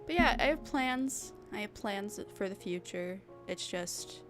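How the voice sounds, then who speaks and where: A woman's voice: mid-range voice, lively intonation, a bit bright, faint music behind. A woman streaming as a VTuber, chatting casually with her live chat in a rambling, giggly way. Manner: giggly, rambling, drawn-out talk.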